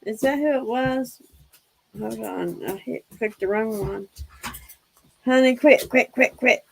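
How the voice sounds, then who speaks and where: A woman with a slightly high, creaky voice hosts a casual livestream, speaking slowly. She's chatty, laughs a lot, and fondly scolds her pets. The audio is poor, with some hiss or hum.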